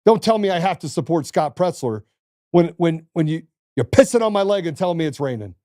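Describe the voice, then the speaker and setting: A man's voice: fairly high pitch, animated, fairly quick, dark tone, dry recording, studio quality. A man hosting a political talk show, ranting in a heated, indignant way and swearing as he goes. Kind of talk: political talk radio rant.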